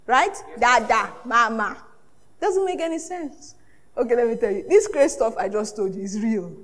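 A woman pastor preaching a sermon, lively and often laughing, acting out the voices she quotes. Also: a little high, normal speed.

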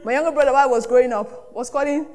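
A woman pastor preaching a sermon, lively and often laughing, acting out the voices she quotes. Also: high-pitched, racing.

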